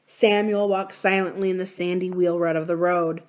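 A woman reading a novel aloud for a library series, narrating in a calm, even manner. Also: fairly low pitch, normal speed, hardly any pauses. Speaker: library reader. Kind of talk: audiobook-style novel reading.

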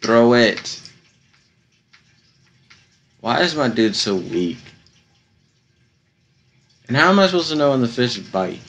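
A young man giving casual, slangy commentary while playing a video game, slightly hoarse from losing his voice. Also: medium pitch, big pitch swings, takes it slowly, long pauses, a bit bright. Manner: laid-back, slangy, chatty. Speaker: gaming YouTuber.

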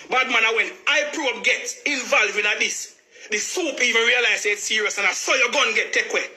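Male, Jamaican accent, worked-up and emphatic, very bright, piercing tone. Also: high voice. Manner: agitated, repetitive, emphatic. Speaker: family member speaking out. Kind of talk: heated personal account.

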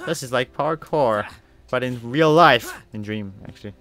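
A man narrates his gameplay in a loose, casual way. His voice sits at a middle pitch, and he mutters as he thinks. Faint game music runs behind him. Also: normal speed, fairly bright tone. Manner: chatty, muttering reactions. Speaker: gameplay streamer.

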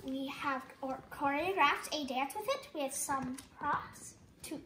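A woman's voice: high voice, takes it slowly, sharp tone, echoey room, a little hiss or hum. A woman reading a picture book aloud at home, playful and laughing often as she reads.

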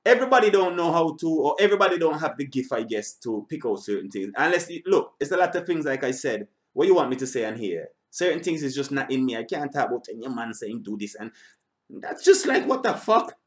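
A man's voice: mid-range voice, fast talker, few pauses. A man hosting a reaction channel, speaking in casual, rambling commentary. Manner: animated shout-outs, rambling asides.

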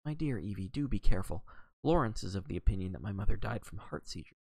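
A mild, rather helpless gentleman who speaks in a placating tone, as a man reads him aloud from a novel. His voice carries a gravelly edge and a lively rise and fall. It is recorded close and dry. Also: lowish voice, fast talker, no room sound, heavily acted. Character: helpless, placating Englishman of the house.

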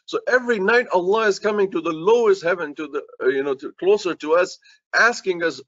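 Male imam, earnest sermon voice, a bit high, dry lo-fi sound. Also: a little fast, a bit bright, no echo. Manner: earnest, repetitive, addresses listeners directly.

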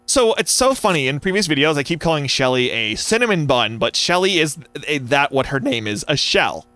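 Excitable giggly young man gaming. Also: mid-range voice, slight background noise. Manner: excitable, giggly, squeals and shouts in bursts. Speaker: gaming YouTuber. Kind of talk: live gameplay commentary.

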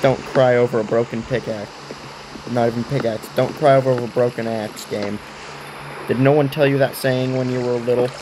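A man's voice: medium pitch, steady tone, moderate pace, noisy background. A man giving casual commentary over a block-building game, chatting to the game and mocking himself. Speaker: gaming video creator.

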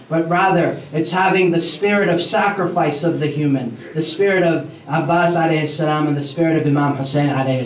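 A man's voice: a little high, a little hiss or hum. Man preaching in an echoey mosque. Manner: recites Arabic verses then translates. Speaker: mosque speaker. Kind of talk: sermon. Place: mosque hall. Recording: echoey hall, mic from far off.

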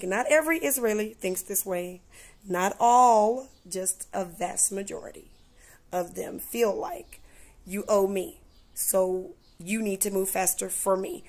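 Chatty woman vlogger telling stories. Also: medium pitch. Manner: animated, acts out dialogue in voices; chatty, with many "you know" and "like" fillers. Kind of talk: casual storytelling vlog.

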